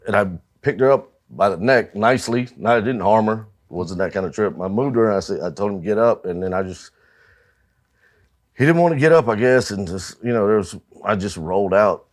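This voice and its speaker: A man's voice: on the low side, lively intonation, brisk. A man, a musician guest, chatting casually in an interview and swearing freely as he tells stories about touring. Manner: profane, storytelling, laughs at own anecdotes.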